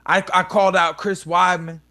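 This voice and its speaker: A man in his thirties talks casually as a podcast guest, with a voice pitched somewhat high for a man. He rambles through stories full of swearing and loose, easy phrasing. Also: flat delivery, moderate pace, pushed and bright. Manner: profane, rambling storyteller. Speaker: podcast guest, professional fighter.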